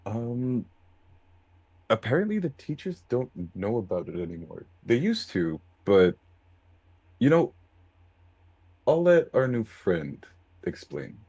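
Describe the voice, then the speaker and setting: A man's voice: medium pitch, very animated, takes it slowly, pauses often, darkish tone, slightly rough, no room sound. A man playing in a tabletop role-play, laid-back and a little hesitant. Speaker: player.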